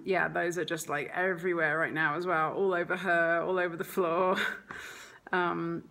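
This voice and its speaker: A woman's voice: fairly low pitch, fairly bright tone. A woman talking casually as a mother in a home vlog, chatty and rambling with lots of "like" and "um". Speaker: mother vlogger.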